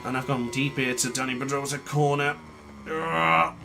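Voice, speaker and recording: His mid-range voice has little pitch movement and a fairly quick pace as he gives live racing-game commentary. Music and motorbike engine noise play behind him. He often mutters and scolds himself out of frustration.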